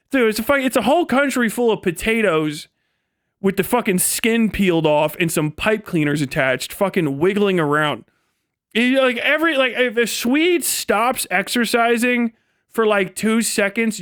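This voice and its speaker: High-voiced man on a profane rant. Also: animated, moderate pace, fairly bright tone, dry recording, studio quality. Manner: profane, rambling, laughs often. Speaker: streamer. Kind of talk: comedic live-stream rant.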